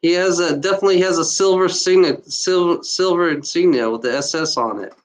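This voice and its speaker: A woman from Germany giving an emotional unscripted monologue, out of breath and talking in halting, restarting bursts. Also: fairly low pitch. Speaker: channel host.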